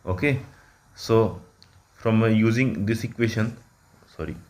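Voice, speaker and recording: A man working through an engineering problem at a whiteboard, halting often with fillers and self-corrections. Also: on the low side, darkish tone. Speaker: engineering exam tutor.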